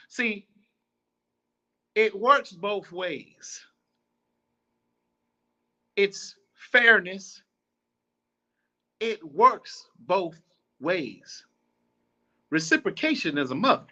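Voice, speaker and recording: Animated, bright-voiced man preaching blunt advice. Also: sits high, very slow, pauses often, dull audio. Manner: blunt, preachy, profane and repetitive. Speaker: podcast host. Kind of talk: casual advice monologue.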